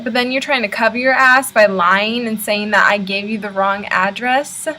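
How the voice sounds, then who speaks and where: A woman's voice: a little high, moderate pace, few pauses, bright, forceful tone, faint music behind, rough recording. A young American woman ranting in a casual vlog, filmed on a laptop's built-in mic in her university room. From United States. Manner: chatty, exasperated ranting. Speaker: vlogger. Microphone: laptop built-in camera mic.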